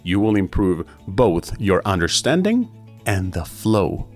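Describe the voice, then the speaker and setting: A man with a slightly low voice teaching English on a podcast in an energetic, enthusiastic way. He keeps things chatty, tossing in "right?" and "hey," and slows down to show a point. Faint music plays underneath. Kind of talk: upbeat podcast lesson.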